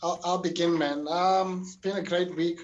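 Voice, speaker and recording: Man from South Africa, co-host, relaxed casual chat, says "man" a lot, higher voice. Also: normal speed, distant mic, highs cut off. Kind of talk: casual online show chat.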